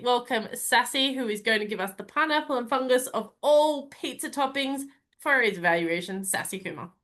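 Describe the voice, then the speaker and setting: A woman hosting a club meeting, talking in a playful, jokey, animated way. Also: a little high. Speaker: Toastmaster of the day.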